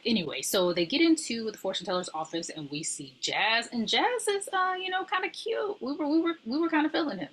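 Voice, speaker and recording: A woman's voice: fairly high pitch, very animated, a little fast, hardly any pauses, fairly bright tone, slight background noise. A woman co-hosting a podcast, chatting casually and playfully about a movie and joking along. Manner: playful, jokey, quotes songs. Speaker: podcast co-host. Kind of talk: casual movie recap chat.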